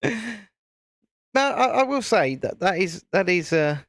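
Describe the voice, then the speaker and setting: A man's voice: high-pitched, expressive, takes it slowly, a bit bright, no room sound, clean studio sound. A man hosting a live stream, chatting casually and rambling while he builds a set, with the odd casual swear. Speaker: channel host.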